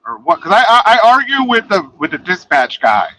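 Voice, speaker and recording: Casting: young guy, high bright voice, lots of filler words, faint hiss behind. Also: big pitch swings, brisk, rough recording. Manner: filler-heavy, full of "like", profane. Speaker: podcast co-host, trucker. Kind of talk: casual chat.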